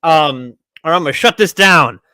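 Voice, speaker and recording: Podcast host guy, bright edgy voice, crude jokes, dry close sound. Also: fairly high pitch, normal speed, no echo. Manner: blunt, crude joking. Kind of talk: casual podcast chat.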